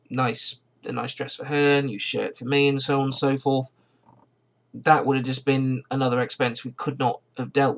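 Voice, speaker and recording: A man's voice: medium pitch, fairly bright tone. A man who has just got out of bed, telling a rambling, digressive story to camera in a car vlog and often correcting himself. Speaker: car vlogger.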